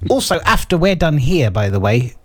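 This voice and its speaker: A man's voice: a little high, sing-song, normal speed. A man hosting an internet radio show, chatting casually and plugging upcoming shows with many fillers. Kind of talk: casual banter with show announcements.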